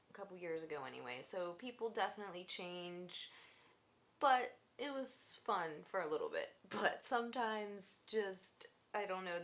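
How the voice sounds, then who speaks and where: Blunt, foul-mouthed young woman vlogger. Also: medium pitch. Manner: blunt, profane and sarcastic. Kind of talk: casual storytelling vlog.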